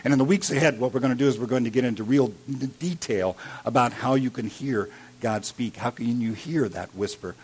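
A man preaching a sermon as a pastor, telling a personal story and swinging between loud emphasis and hushed, quiet lines. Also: mid-range voice, a little fast, few pauses, breathy edge. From Iowa.

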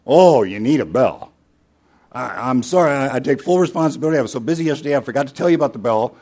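A smooth male pet-store manager who calmly coaxes his customer into buying more, as a preacher acts him out. He sounds soothing and salesman-like, speaking in a middle pitch. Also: fast talker. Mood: coaxing.

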